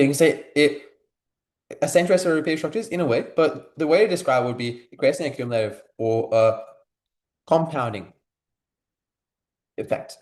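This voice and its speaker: A man's voice: medium pitch, darkish tone, roomy sound. A young man tutoring a class in a casual, filler-heavy way, asking his students questions. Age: young adult. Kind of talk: live online class teaching.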